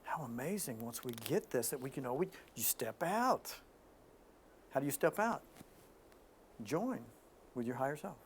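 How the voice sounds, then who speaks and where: A man hosting an informal spiritual talk, telling stories in an animated way with frequent restarts. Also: mid-range voice, normal speed, pauses often, a little hiss or hum.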